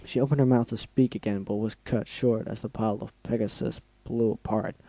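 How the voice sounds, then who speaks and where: A man's voice: fairly low pitch, steady tone, brisk, mellow, dry recording, low-quality recording. A man reading a fan-fiction story aloud, stopping now and then to react with feeling. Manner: reads aloud, breaks off to react emotionally and swear. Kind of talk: dramatic reading with asides.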